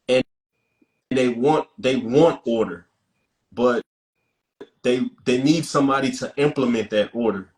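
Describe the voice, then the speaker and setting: A man leads a casual talk, building his points slowly and repeating himself for emphasis. His pitch is mid-range and ordinary. The sound is roomy, with a noticeable echo. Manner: measured, repeats phrases when making a point. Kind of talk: casual conversation. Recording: echoey room.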